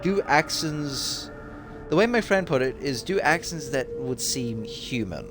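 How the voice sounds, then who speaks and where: Young guy rambling thru his playthrough, voice going up and down, game music loud behind. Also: mid-range voice, lively intonation, measured pace. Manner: rambling, restarts mid-thought. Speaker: gamer. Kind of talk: casual gameplay commentary.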